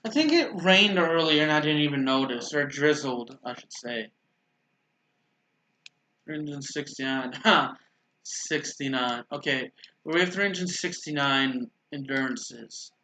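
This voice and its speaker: A man's voice: fairly high pitch, expressive, a little slow, pushed and bright. A man giving casual, rambling commentary over a video game, often stopping to correct himself and stuttering. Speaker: gaming YouTuber. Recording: roomy echo.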